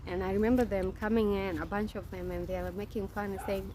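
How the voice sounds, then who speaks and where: A young mother chats to her viewers as she tells her birth story, casual and direct. Her pitch sits in the middle range. There is clear noise in the room around her. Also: fairly even intonation, a little fast, mellow. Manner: chatty, addresses viewers directly.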